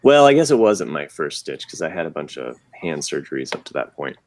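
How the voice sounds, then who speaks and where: A man co-hosting a podcast, telling a personal story in a rambling, halting way with many restarts. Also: very deep voice, sing-song, darkish tone, a little hiss or hum. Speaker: podcast co-host. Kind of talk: casual chat.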